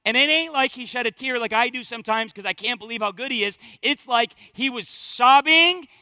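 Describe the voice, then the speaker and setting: A male pastor preaching with a strikingly high, bright voice that stays crisp and close. His delivery is impassioned and conversational, sliding from near-hushed lines to loud bursts. The sound is dry, with no room around it. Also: quick pace, no echo. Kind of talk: sermon.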